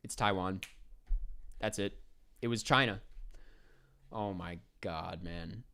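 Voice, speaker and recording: Slow, muttering man playing a guessing game. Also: sits low, pushed and bright, clear, resonant tone. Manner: thinking aloud, mutters and swears at his guesses. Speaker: podcast host playing a geography guessing game. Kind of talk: casual gameplay commentary.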